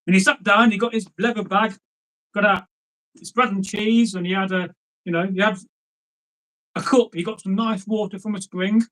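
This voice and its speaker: Male folk-tale teller, fairly high voice, rambling and conversational. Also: fairly even intonation, normal speed, pauses often, fairly bright tone, rough recording. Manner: chatty, rambling, frequent "you know" asides to listeners. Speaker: storyteller. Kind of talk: oral folk tale storytelling.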